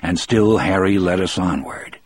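Deep, husky male audiobook narrator. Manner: measured, steady storytelling. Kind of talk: audiobook reading, first-person.

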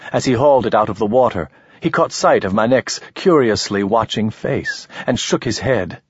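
Male audiobook narrator, low and husky, measured delivery. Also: no room sound. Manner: measured, even storytelling. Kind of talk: scripted narration. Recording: dull lo-fi recording.

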